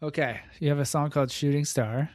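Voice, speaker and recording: Playful male host, slightly higher voice. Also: fairly even intonation, a little fast, a little mellow, no echo, studio quality. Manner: teasing, playful. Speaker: podcast host. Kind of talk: casual interview.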